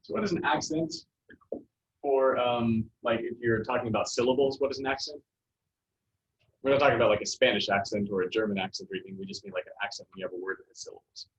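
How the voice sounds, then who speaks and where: In a dull, lo-fi classroom recording with faint noise, a man with a medium-pitched voice gives a Spanish lesson at a quick pace. He explains things patiently but stumbles through many fillers and restarts.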